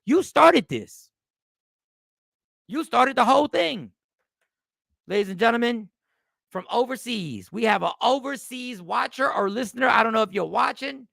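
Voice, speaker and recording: Gravelly high-voiced man hosting a livestream. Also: moderate pace, no echo, clean studio sound. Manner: animated, repetitive, addresses viewers by name. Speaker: livestream host. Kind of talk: casual livestream talk to chat viewers.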